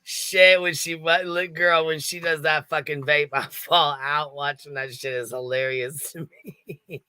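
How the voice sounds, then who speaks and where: A man's voice: a little high, fairly even intonation, measured pace, pushed and bright, clear, resonant tone, no echo. A man hosting a livestream, gossiping with laughter and heavy swearing in casual commentary. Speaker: livestream panel host.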